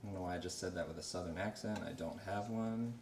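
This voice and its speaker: A man casually chatting while cooking, relaxed and repeating phrases. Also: low voice, fast, far from the mic. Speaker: cook. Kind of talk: casual cooking demo chat. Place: kitchen. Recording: echoey kitchen, mic from afar, noisy. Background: frying and sizzling.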